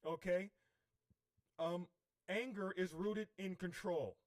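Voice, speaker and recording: A man's voice: high-pitched, fairly even intonation, slow pace. A man coaching on spiritual healing in a livestream, preachy and repeatedly checking in with "okay?". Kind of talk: livestream teaching.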